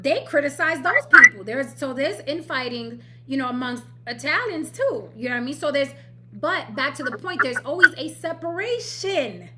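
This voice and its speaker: A woman from New York hosting a casual livestream panel chat, blunt and quick to laugh, swearing freely. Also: high voice, expressive, very noisy. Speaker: host.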